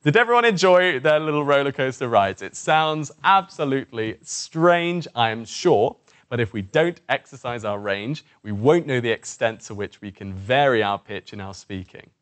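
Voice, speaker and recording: A man coaching a voice warm-up lesson, encouraging and demonstrative as he guides participants through exercises. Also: mid-range voice, expressive, normal speed. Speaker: presentation skills coach.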